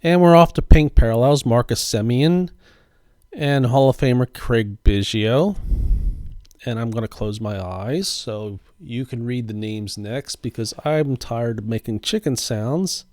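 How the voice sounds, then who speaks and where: A man narrating a pack-opening voice-over in a slow, deliberate commentary. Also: medium pitch, a little mellow, dry recording, clean studio sound. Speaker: card collecting channel host. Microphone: voice-over recorded after the footage.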